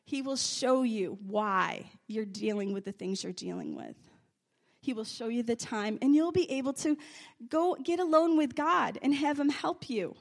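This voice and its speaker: A woman preaching a sermon, telling stories and testimony, moving from hushed confession to loud praise. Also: on the high side, measured pace, vocal fry. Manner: animated, swings from hushed confession to loud exclamations.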